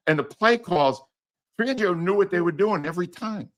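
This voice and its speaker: A man's voice: high voice, very animated, normal speed. A man guesting on a sports talk show, a former sports radio host who rants bluntly and sarcastically.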